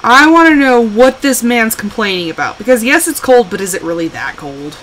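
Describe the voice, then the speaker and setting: Lively high-voiced woman streamer. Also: moderate pace, slight background noise, rough recording. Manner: chatty and exclamatory, scolds the game character. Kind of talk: casual live gameplay commentary.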